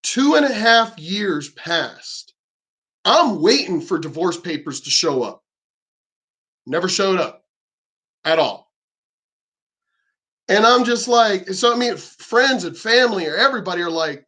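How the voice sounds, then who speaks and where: High-voiced man ranting angrily. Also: animated, normal speed, sharp tone. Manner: profane, heated, stammering restarts. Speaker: vlogger. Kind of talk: angry ranting monologue.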